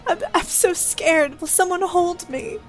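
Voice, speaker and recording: A woman's voice: very high-pitched, unhurried, soft background music. A woman playing a character who pretends to be frightened in a tabletop game, pleading theatrically. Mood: mock scared. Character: Deirdre, a woman feigning fear. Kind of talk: tabletop role-play.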